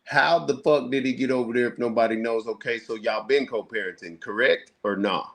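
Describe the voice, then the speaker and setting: Dude talking fast n heated, cussing a lot, going off like an auctioneer. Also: male voice, medium pitch, vocal fry. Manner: fast, rapid-fire, profane, animated. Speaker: podcast host. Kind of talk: heated casual discussion.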